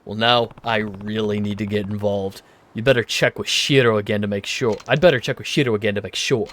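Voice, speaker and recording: A man doing a gruff, quiet protector. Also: fairly even intonation, fairly quick, natural voice. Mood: serious. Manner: low, hushed, serious.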